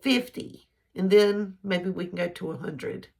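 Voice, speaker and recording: A woman's voice: on the low side, measured pace, gravelly, darkish tone. A middle-aged woman, chatting opinionated relationship advice to her followers in a casual vlog, laughing easily. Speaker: vlogger giving advice.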